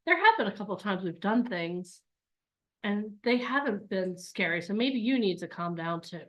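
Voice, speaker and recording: Woman voicing a calm know-it-all elephant. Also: medium pitch, normal speed, dull audio, natural voice. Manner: soothing, knowing.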